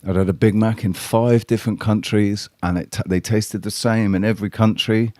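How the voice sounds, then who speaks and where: A man's voice: lowish voice, steady tone, moderate pace, warm tone, no echo, clean studio sound. A man chatting casually on a live stream, rambling and blunt, swearing freely and talking straight to his viewers. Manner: addresses chat viewers directly. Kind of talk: casual livestream chat with viewers.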